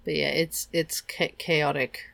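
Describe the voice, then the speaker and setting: A woman thinks aloud in a casual book chat, often pausing and restarting. Her voice sits a little low. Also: level tone, vocal fry, fairly bright tone. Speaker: co-host. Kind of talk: casual discussion.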